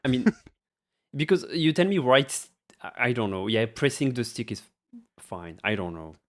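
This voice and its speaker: A man's voice: mid-range voice, very animated, normal speed. A young man co-hosting a podcast in casual chat, laughing easily, hesitant, often trailing off mid-thought. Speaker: podcast co-host.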